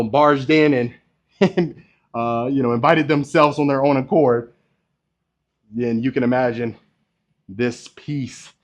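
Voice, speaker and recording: This real estate host, a bit winded, strolls through a model home and its surroundings, pitching it in a chatty way straight to the camera. He has a mid-range, slightly mellow voice.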